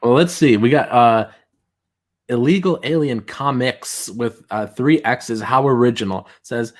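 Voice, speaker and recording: A man hosting a livestream, chatting casually and reading comments aloud in mocking voices. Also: unhurried. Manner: reads tweets aloud in mocking high voices, laughs often. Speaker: streamer host.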